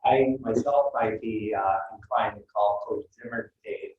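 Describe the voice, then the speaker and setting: A man's voice: lowish voice, moderate pace. A man hosts a meeting and thanks the guest in a courteous, formal way. He sits far from the mic, and the room echoes heavily around him. The sound is dull and lo-fi, with faint noise behind it. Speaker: meeting host. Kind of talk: hosting a club meeting. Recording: roomy distant lo-fi mic.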